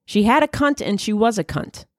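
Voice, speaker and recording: A woman comedian hosting a podcast, talking in a profane, rambling monologue that swings into loud high exclamations. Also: normal speed, dry recording, studio quality.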